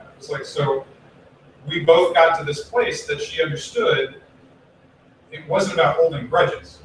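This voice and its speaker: A man giving a relaxed, conversational Buddhist sermon, telling a story and acting out the people in it. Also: medium pitch. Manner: chatty, acts out quoted voices, swears casually. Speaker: Buddhist minister. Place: temple hall. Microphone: distant room mic. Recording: very echoey hall, from far off, faint room noise.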